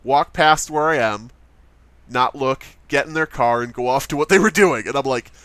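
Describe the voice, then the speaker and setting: A man hosting a let's play, telling stories in casual chat, animated and swearing freely. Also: medium pitch, normal speed, no room sound. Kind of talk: casual chat while gaming.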